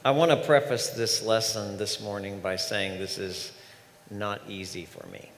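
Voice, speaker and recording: A man's voice: lowish voice, lively intonation, a little slow, slight background noise. Man preaching a story-filled sermon in a hall. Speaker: minister. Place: large church sanctuary. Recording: reverberant hall, faint ambience.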